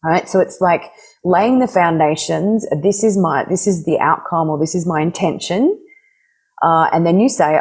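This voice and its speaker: A woman relationship coach talking in a podcast conversation, animated, laughing often and acting out quoted dialogue. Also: on the low side, normal speed, husky, poor audio.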